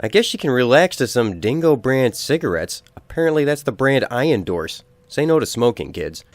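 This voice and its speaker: A man's voice: medium pitch, moderate pace, hardly any pauses. A man giving a comedic, profane game review voice-over. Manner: profane, animated.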